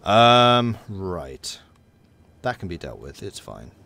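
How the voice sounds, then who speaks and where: A man's voice: low voice, very animated, slow, vocal fry, bright, forceful tone. A man giving casual, wry commentary while playing a strategy game and chatting to his units. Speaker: let's play commentator.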